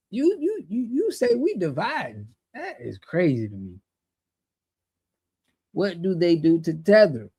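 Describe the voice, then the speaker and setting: A show host from the United States, with a fairly high and slightly mellow voice, chats on a casual livestream. He answers his chat emphatically, using slang, and repeats himself as he gets fired up.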